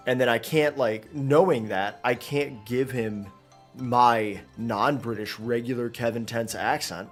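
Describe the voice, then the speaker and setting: A male streamer chatting loosely over his gameplay, mid-pitched and easygoing, trailing off and restarting his sentences. Quiet game music plays faintly underneath him. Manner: rambling, chatty, with many fillers and restarts. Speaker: gaming streamer. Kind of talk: casual live gameplay commentary.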